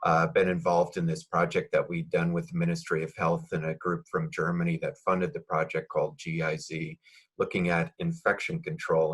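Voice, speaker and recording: A man's voice: sits low, fairly bright tone, husky. A man on a video call, speaking about his student in a rambling way full of fillers. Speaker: research mentor. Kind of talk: casual spoken tribute on a video call.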